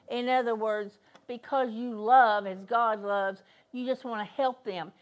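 An older guest minister with a mid-range voice preaches a sermon in church a little slowly and with few pauses. She relates a story emphatically, returning again and again to key phrases.

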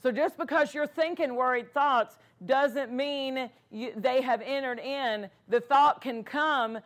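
A woman's voice: high-pitched, takes it slowly. A woman pastor preaching a sermon in an earnest way, often restarting her phrases.

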